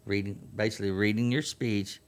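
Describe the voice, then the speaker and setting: Earnest man, lower voice. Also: steady tone, brisk, clean tone. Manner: earnest, emphatic, repeats key points. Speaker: veterans post youth program chairman. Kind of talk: interview guest explaining rules.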